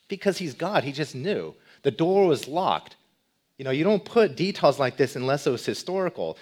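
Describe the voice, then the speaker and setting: A male pastor giving a sermon, asking rhetorical questions and moving between loud emphasis and quiet, low passages. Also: moderate pace. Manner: animated, swings between loud emphasis and soft low delivery.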